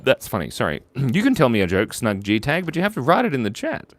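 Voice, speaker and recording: A man hosting a casual live drawing stream, playful and jokey, reading viewers' names and shout-outs aloud as he draws. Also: mid-range voice, huge pitch swings, brisk, no echo.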